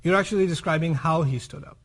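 Male Quran teacher, higher register, husky edge. Explanatory lecture with humorous examples, checks in with the audience. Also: quick pace. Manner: explains by contrast and example, with lively humorous asides; checks in with listeners.

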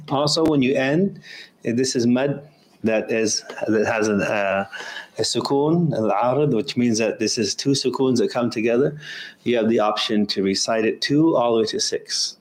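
Slow, patient male recitation teacher. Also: mid-range voice. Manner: patient, repeats sounds many times, slows down to chant examples. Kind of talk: pronunciation lesson.

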